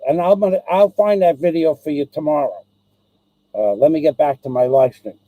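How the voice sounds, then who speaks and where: A man's voice: a little high, moderate pace, dry recording, phone-quality sound. A man hosting his own live stream, ranting and rambling, swearing constantly and repeating himself.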